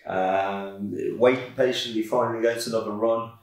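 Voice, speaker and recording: Casual male racing tipster, low voice, laid-back, many ums, recorded far off in an echoey office. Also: steady tone, moderate pace. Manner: laid-back, filler-heavy, self-correcting. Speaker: podcast co-host, racing tipster. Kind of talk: casual chat. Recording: echoey room, far from mic.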